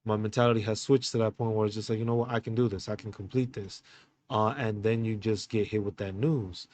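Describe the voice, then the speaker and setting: A man hosting a podcast, telling a personal story in a candid, halting way with many fillers and restarts. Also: on the low side, fairly even intonation, a little mellow. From United States. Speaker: podcast host.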